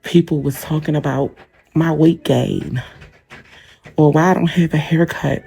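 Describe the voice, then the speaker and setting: A man's voice: a little high, fairly even intonation, unhurried, gravelly, dark tone, husky. A man livestreaming from a hospital room on a phone mic, talking straight to his commenters in a defensive, repetitive rant.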